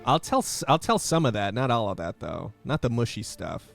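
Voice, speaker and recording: A young man streaming a game, giving live commentary with sarcastic, deadpan jokes. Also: mid-range voice, normal speed, gravelly, hardly any pauses, no room sound, faint music behind.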